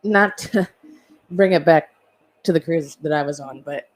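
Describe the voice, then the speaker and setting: A woman's voice: low-pitched, unhurried. Chatty woman rambling with asides. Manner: rambling with asides and soft laughs. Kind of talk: casual podcast chat.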